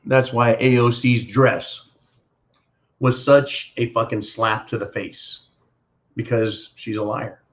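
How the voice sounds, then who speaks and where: A man's voice: mid-range voice, steady tone, takes it slowly. A man hosting his own show, answering viewer comments in a profane, sarcastic political rant, mocking others with put-on voices. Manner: sarcastic, swearing, mocking voices when quoting.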